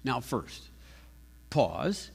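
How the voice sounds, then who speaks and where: A man preaching a sermon as pastor, animated and emphatic, often restarting his sentences. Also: mid-range voice, drawn-out words, creaky, husky. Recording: long hall reverb.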